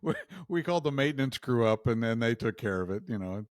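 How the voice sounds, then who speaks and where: A man's voice: mid-range voice, lively intonation, fast, dry recording, clean studio sound. A man co-hosting a casual talk show, joking about himself with a wry sense of humor. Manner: wry, self-mocking humor, laughs often. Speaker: podcast co-host. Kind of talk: casual chat.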